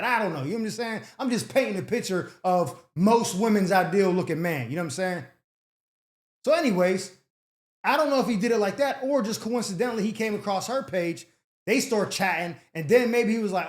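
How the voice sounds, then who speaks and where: A man's voice: high voice, expressive, a little fast. A man hosting an advice show, giving blunt, slangy, mocking commentary. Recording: roomy echo.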